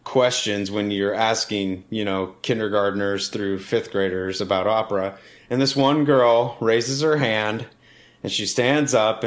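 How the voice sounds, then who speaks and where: A man co-hosting a podcast, telling a story in a relaxed, self-mocking, chatty way. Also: on the low side. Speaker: podcast co-host, opera singer. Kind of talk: casual storytelling chat.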